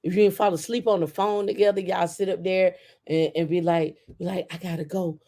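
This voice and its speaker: A woman host in casual chat, telling stories in an animated way and acting out quotes. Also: on the low side, a little fast. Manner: animated storytelling with acted-out quotes.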